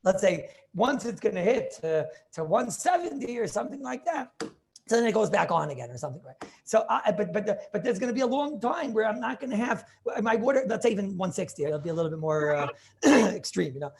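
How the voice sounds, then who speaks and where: A man's voice: sits high, expressive, fairly quick, creaky, a little mellow. A man teaching a Talmud class over a video call, thinking aloud with many restarts and questions to his students.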